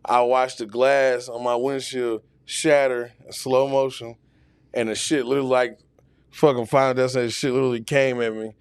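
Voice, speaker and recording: A man's voice: mid-range voice, little pitch movement, moderate pace, clean tone, no echo. A man telling a long, profane, rambling story as a podcast guest, full of fillers. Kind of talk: casual storytelling. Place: podcast studio.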